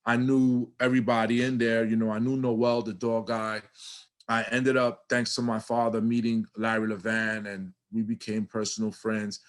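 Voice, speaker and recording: A man's voice: on the low side, normal speed. A middle-aged man from New York City with a New York accent, telling stories animatedly in a casual interview and swearing freely. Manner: animated, swears freely, acts out his younger self. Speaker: guest.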